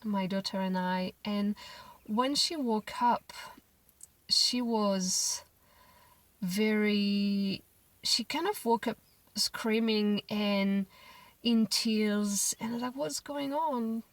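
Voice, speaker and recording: A young mother telling a personal parenting story to camera in a gentle, reflective way, often restarting her sentences. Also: mid-range voice, fairly even intonation, slow pace, long pauses, dry recording, recorded from a distance, rough recording. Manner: reflective, gentle, with frequent restarts and soft quoted asides.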